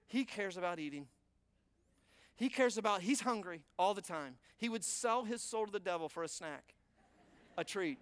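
Man, middle-aged, pastor, sermon, high-pitched, animated storytelling, loud and hushed by turns, dry sound. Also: no room sound.

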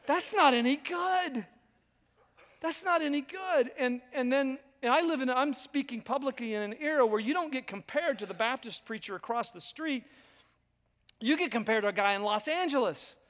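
High-voiced pastor in his fifties. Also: fairly bright tone, long reverb tail. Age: 50s. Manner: conversational and self-mocking, addresses congregation directly. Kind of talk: sermon. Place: church auditorium.

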